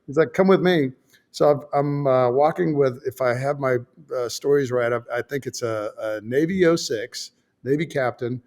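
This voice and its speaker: A man's voice: medium pitch, moderate pace, darkish tone. Man in his fifties telling a war story, salty and offhand. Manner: swears freely, self-deprecating, many fillers and restarts. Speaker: guest, former fighter pilot. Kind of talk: casual storytelling.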